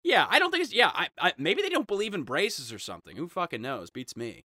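A man's voice: high-pitched, very animated, fast talker, sharp tone, no room sound, studio quality. A young man chatting casually as a podcast co-host, joking and acting out silly voices. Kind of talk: casual chat.

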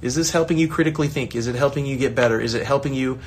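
A man's voice: medium pitch, rapid-fire, slight background noise. A man, a soccer coach, giving a casual motivational talk with lots of energy, restarting sentences and acting out the voices of others. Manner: energetic, acts out quoted voices, rambling restarts. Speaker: soccer coach and online creator.

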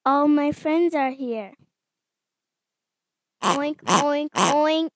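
A woman voicing an excitable, cheerful female pig from a picture book in a slow, eager, sing-song reading. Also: high voice, no echo, full character voice. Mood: excited.

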